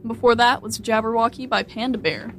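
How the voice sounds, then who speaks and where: A young woman hosting a radio show, teasing her co-host with quick jokes. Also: on the high side, a little hiss or hum. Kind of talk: casual chat.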